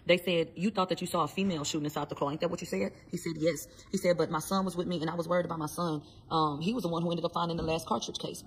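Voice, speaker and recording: Fast-talking blunt woman vlogger. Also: on the low side, slight background noise, low-quality recording. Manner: blunt, profane, talks straight to viewers; quick, animated retelling of testimony. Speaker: vlogger giving trial updates. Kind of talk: casual commentary.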